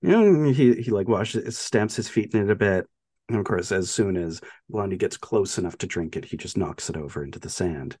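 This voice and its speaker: A man's voice: sits low, moderate pace, darkish tone, husky, no echo, clean studio sound. A man co-hosting a podcast, casually retelling a movie with lots of laughs and filler words. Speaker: podcast co-host.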